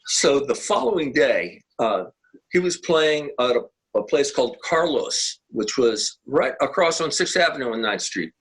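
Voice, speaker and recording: Husky older man telling rambling stories. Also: medium pitch, big pitch swings, measured pace, poor audio. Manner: rambling, anecdotal, many restarts. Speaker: guest musician. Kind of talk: casual interview storytelling. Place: home, video call.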